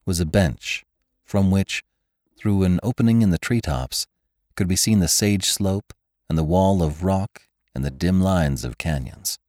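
Very deep male audiobook narrator. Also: no echo, studio quality. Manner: measured, even storytelling. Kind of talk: scripted narration of a classic western novel.

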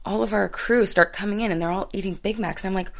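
A young woman talking casually in an interview, telling lively stories and acting out what people said. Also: medium pitch, fast talker, vocal fry. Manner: animated storyteller, acts out quotes. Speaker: actress guest.

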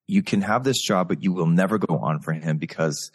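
A very low-voiced man from Texas chats candidly as a guest, telling stories about his stage work. His voice comes over a video call with a long reverb tail around it. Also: a little fast, slightly rough. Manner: candid, storytelling. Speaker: guest performer. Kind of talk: casual interview chat.

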